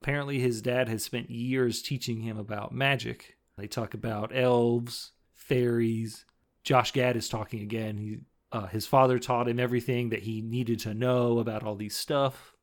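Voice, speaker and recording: A man co-hosting a podcast, casually recapping a film and acting out quoted lines in quick put-on voices. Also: mid-range voice, fairly even intonation. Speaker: podcast co-host.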